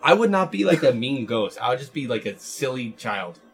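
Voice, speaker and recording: A man's voice: medium pitch, a little fast. A man in his late twenties co-hosting a podcast, joking loosely and acting out little voices. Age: 20s. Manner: animated, laughing, acts out little voices. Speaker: podcast co-host. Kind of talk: casual chat. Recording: air conditioner hum in a room.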